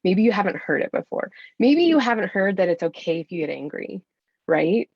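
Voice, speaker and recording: A woman's voice: mid-range voice, big pitch swings, brisk, a little mellow, husky, dry recording, dull audio. A woman in her thirties, a podcast guest who coaches mothers, talking in an earnest, encouraging way straight to the listener. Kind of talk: casual podcast interview.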